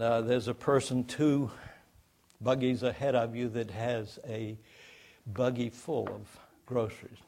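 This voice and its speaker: A male pastor delivers a sermon in an easy, conversational way. He speaks at an ordinary middle pitch and keeps turning to the listeners with rhetorical questions. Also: gravelly.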